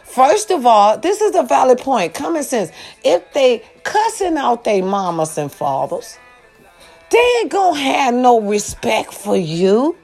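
A woman's voice: on the high side, sing-song, a little slow, vocal fry, a little mellow, faint music behind. A woman vlogger delivering an angry, emphatic, profane rant straight to camera, repeating lines for effect. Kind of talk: ranting monologue to camera.

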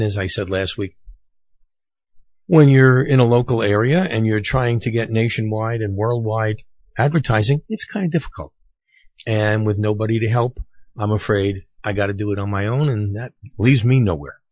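A man's voice: on the low side, no room sound. A man hosting a radio show, talking in an earnest, rambling way with hesitations. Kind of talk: casual on-air talk. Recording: dull lo-fi dry recording.

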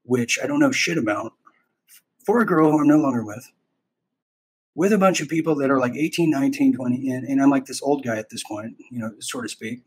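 A man's voice: medium pitch, brisk, slightly rough, low-quality recording. A man hosting a podcast, telling a rambling, self-interrupting personal story in a casual way and acting out bits of dialogue. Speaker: podcast host.

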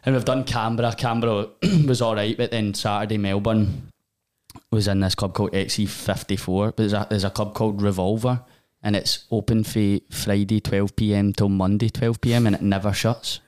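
Guy in his twenties, low-pitched, loose rambling storyteller, casual podcast guest. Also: flat delivery, normal speed, darkish tone. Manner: rambling storytelling with frequent swearing and laughs.

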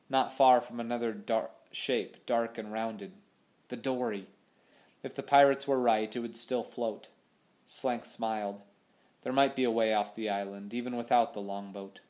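A man's voice: mid-range voice, darkish tone. Man narrating an adventure audiobook. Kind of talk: scripted narration.

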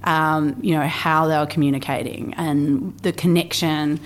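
A woman's voice: low-pitched, normal speed. A woman, chatting casually as a podcast guest about her work, telling stories with lots of fillers. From Australia. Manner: chatty, animated storytelling with filler words. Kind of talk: casual conversational interview.

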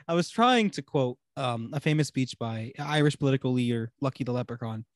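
A man's voice: medium pitch, lively intonation, normal speed, dry recording. A young man hosting a casual podcast chat, giggling often through his own jokes. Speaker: podcast host.

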